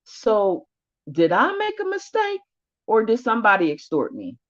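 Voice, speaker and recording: A woman's voice: a little high, wildly swooping pitch, moderate pace, highs cut off. A woman vlogger telling a story of her own in blunt, profane, heated casual speech. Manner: profane, blunt, rising anger.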